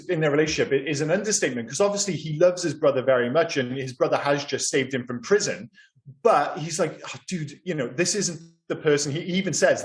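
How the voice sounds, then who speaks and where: A man co-hosting a podcast, talking through a film in an animated, sweary, enthusiastic way. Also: a little high. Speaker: podcast co-host. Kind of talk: casual film-review chat.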